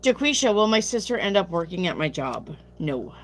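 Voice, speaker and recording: A woman's voice: on the low side, sing-song, normal speed, slight background noise. Sleepy, chatty woman tarot reader. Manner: chatty, reads viewer questions aloud and answers bluntly. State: sleepy, yawning. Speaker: tarot reader answering live chat questions. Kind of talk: casual live-stream chat.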